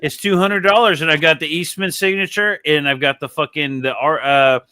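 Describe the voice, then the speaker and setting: A man's voice: fairly high pitch, fairly quick, pushed and bright, smooth, no echo, clean studio sound. A man hosting a casual podcast chat, telling rambling stories full of swearing and laughter. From Texas. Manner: rambling, profane storytelling with frequent laughs. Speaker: podcast host.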